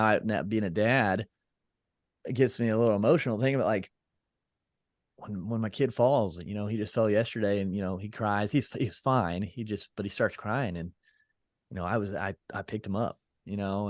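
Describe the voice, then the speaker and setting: A man's voice: lowish voice, no echo, studio quality. A man as a podcast guest in casual interview chat, reflective and loose, with many fillers and restarts.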